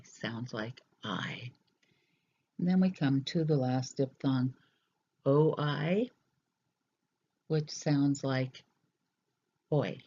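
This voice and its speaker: In a mid-range, slightly mellow voice, a teacher works through a recorded language lesson slowly and deliberately, hesitating with fillers. The recording is dull and lo-fi.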